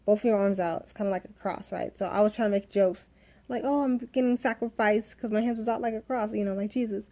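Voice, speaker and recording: Telling the story of giving birth in a candid, emotional vlog, a woman in her thirties rambles and often starts over. She speaks fairly quickly in a steady, mellow, medium-pitched voice.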